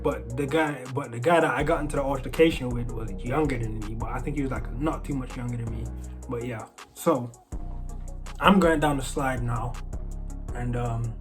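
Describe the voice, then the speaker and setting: Over music, a storyteller vlogger with a British accent that keeps some American traces casually tells a story in a mid-range voice at a moderate pace. He rambles and restarts often, with plenty of fillers.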